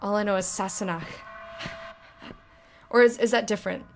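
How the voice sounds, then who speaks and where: A woman's voice: medium pitch, fairly even intonation, moderate pace, a little hiss or hum. Joking woman streamer. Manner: chatty, joking, self-mocking. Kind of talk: gameplay commentary.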